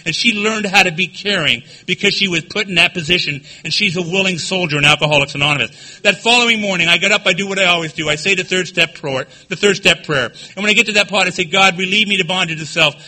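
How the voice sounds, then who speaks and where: A man giving a recovery-meeting talk, telling his own story candidly with dark humor. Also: high voice. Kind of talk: personal testimony speech.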